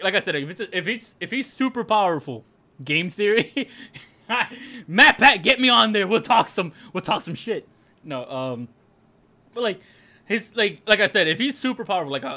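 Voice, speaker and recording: Young guy streamer ranting n laughing, high bright voice that swoops all over. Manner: animated ranting, frequent laughter and swearing. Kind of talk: casual gaming stream chat.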